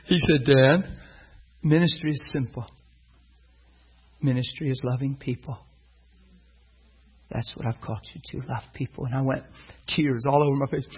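A man's voice: medium pitch, fairly even intonation, moderate pace, long pauses, breathy edge, rough recording. A middle-aged man preaching, telling a personal story and acting out the dialogue with animation. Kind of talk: sermon storytelling.

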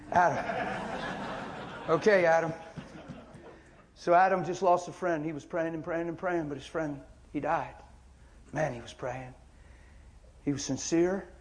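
Pitched a little high, a man delivers an impassioned sermon full of rhetorical questions and repeated phrases. He swings from shouting down to near whispers.

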